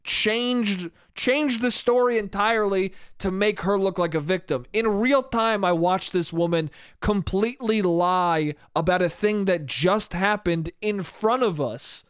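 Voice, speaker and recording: A high-voiced man rants through a story on his solo podcast, swearing freely and sounding exasperated. The recording is close and dry, with no room sound around him. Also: a little slow, hardly any pauses, a bit bright, clear, resonant tone, no room sound. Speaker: podcast host. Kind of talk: casual solo podcast monologue. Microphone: podcast microphone.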